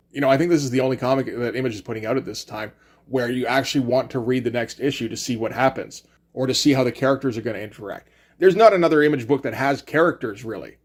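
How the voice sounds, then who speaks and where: A man's voice: medium pitch, quick pace. A man giving a loose, casual comic book review, acting out lines of dialogue and swearing freely.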